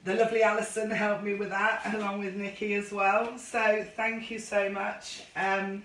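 A woman's voice: mid-range voice, little pitch movement, normal speed, a bit bright, far from the mic, slight background noise. A woman running a line dance class on a live stream, chatty and effusive as she greets viewers by name. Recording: roomy echo, voice off-mic.

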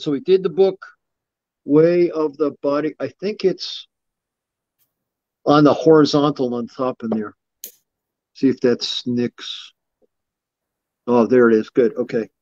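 A middle-aged man with a slightly raised pitch, spinning loose, animated stories as a guest instructor and slipping into the voices of the people in them. The sound is dull and lo-fi, close and dry with no room around it. His talk wanders from one tale to the next. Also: measured pace, pauses often, dry recording. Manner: rambling, animated anecdotes with acted-out quotes. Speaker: martial arts instructor guest. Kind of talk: casual storytelling interview.

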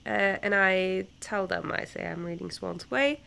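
A woman's voice: mid-range voice, measured pace, creaky, sharp tone, smooth. A young woman with a stuffy nose from a flu, telling a rambling story in a casual vlog, full of fillers and self-corrections. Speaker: book vlogger.

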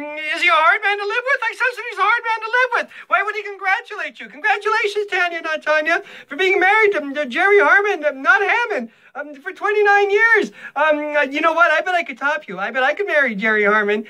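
A man's voice: very high voice, sharp tone. An older man recording a rambling comic video greeting, stammering and interrupting himself with absurd asides.

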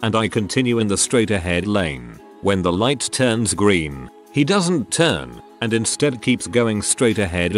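Male narrator, low register, lively intonation; scripted story reading. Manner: reads online posts aloud in a plain storytelling way.

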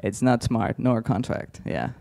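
A man's voice: mid-range voice, expressive, moderate pace, vocal fry, warm tone. A man doing stand-up crowd work on a conference stage, brash and teasing, swearing freely as he ribs the audience. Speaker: stand-up comedian.

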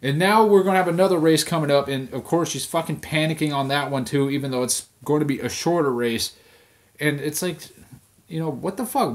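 A young man sits in front of his camera at home and vents. His voice sits a little high, and he swears in almost every sentence, airing his irritation in a loose, rambling monologue. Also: lively intonation, normal speed. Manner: swears constantly, irritated venting. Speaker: vlog host. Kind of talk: profane ranting monologue.

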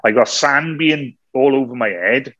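Man telling a lively story. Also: mid-range voice, a little slow, no room sound. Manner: lively storyteller, laughs often, acts out quotes. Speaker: podcast co-host. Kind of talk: anecdotal storytelling. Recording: slightly dull, dry recording.

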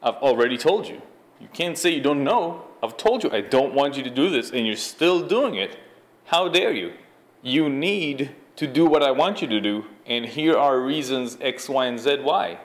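A man's voice: medium pitch, animated, moderate pace, natural voice. An indignant, entitled young woman whining about why nobody obeys her, as a man mocks her in a sarcastic, slightly raised voice. It comes across as a mocking whine rather than a full character.

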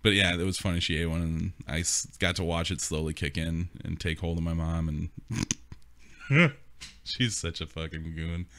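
A man's voice: sits low, normal speed, fairly bright tone. A young man co-hosting a podcast, telling rambling stories with frequent laughter and casual swearing. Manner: rambling storyteller who laughs often and swears freely. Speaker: podcast co-host. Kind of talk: casual chat.

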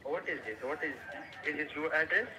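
A man making a phone sales call, persistent and halting with many fillers. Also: on the high side, a crowd in the background, poor audio. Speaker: telemarketer.

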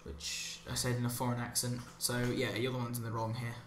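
A man delivers a meandering, sarcastic monologue over gameplay, drifting off on tangents and deadpan asides. His middle-pitched voice sounds roomy and echoey, with faint ambient hiss underneath. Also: a little fast. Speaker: commentary channel host.

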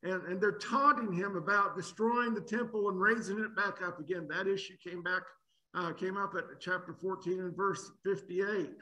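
Guy preaching a sermon, highish voice, keeps asking rhetorical questions, repeats himself. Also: fairly even intonation, normal speed, bright, forceful tone, poor audio. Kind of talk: expository sermon.

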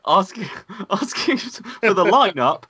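A man with a high, bright voice, giggling and protesting playfully. The sound is dry and close, though he sits back from the mic. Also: very animated, takes it slowly, breathy edge, no echo. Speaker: backstage crew member.

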